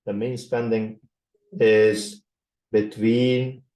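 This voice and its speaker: A man with a Turkish accent giving a university statistics lecture, slowly reading out numbers and repeating himself. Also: fairly low pitch, level tone, a little mellow. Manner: slow, repetitive, reading out numbers. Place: classroom. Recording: echoey classroom.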